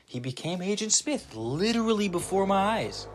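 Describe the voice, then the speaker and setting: A young man hosting his own channel, speaking an informal monologue to camera. He is animated, swears freely and often restarts his sentences. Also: high voice, moderate pace, a little hiss or hum. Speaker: channel host. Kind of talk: casual spoken monologue to camera.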